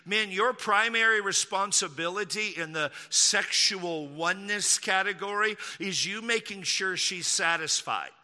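A man's voice: high voice, a little slow, hardly any pauses, pushed and bright, big-room sound. A man from Texas, a pastor preaching an emphatic sermon, repeating key lines for stress and slipping in mocking asides.

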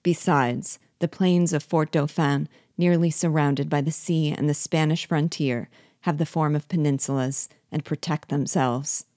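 A woman reading the lines of a forceful veteran male officer, urgent and commanding. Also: sits low, fairly even intonation, unhurried, no echo, studio quality.

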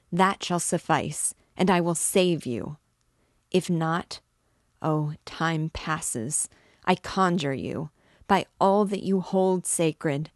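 A woman's voice: deep voice, dry recording, clean studio sound. A woman reading aloud, voicing an anguished male priest who pleads with desperate passion. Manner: pleading, impassioned, breaking into whispers.

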